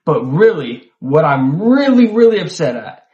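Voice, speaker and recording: A man's voice: a little high, big pitch swings, measured pace, muffled recording. A man talking to camera in a loose, conversational monologue, full of fillers and the odd swear word. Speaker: solo video host. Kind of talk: casual reflective monologue. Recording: echoey room, poor mic.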